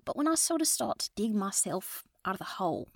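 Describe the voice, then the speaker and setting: A woman's voice: medium pitch, big pitch swings, a little fast, no room sound, studio quality. A woman doing a nosy ex-FBI mom-group leader. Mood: musing. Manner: conspiratorial, often dropping to a whisper. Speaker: improv guest. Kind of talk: improvised comedy character.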